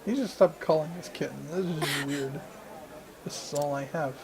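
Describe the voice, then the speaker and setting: A man's voice: a little high, moderate pace, noisy background. A young man playing a video game, reading its dialogue aloud in playful, mock-dramatic voices and joking about his slips. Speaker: gaming channel host. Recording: game music playing behind.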